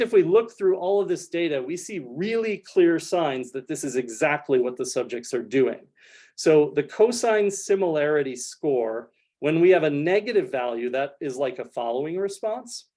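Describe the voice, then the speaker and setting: A man delivers a science lecture in a lecture room, walking listeners through his data step by step. His voice sits a little high for a man, and his explanations are careful and full of small fillers. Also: darkish tone. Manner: explanatory, frequent hedging fillers like "kind of". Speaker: researcher giving a talk. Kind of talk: academic lecture with slides.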